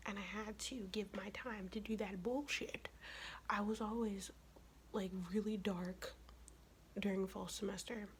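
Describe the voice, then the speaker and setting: A young woman speaks in a soft whisper, chatting casually and swearing freely while getting ready in an ASMR video. She is sick, and her whisper sits at an ordinary pitch. Faint noise hums underneath. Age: young adult. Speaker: ASMR vlogger.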